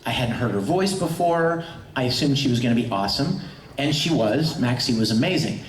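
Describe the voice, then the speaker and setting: A man's voice: medium pitch, expressive, a little fast, far from the mic. A middle-aged man, a voice actor on a convention panel, telling stories with enthusiasm and laughing often. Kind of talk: animated anecdote telling. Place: large convention hall before an audience. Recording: echoey hall recorded from afar.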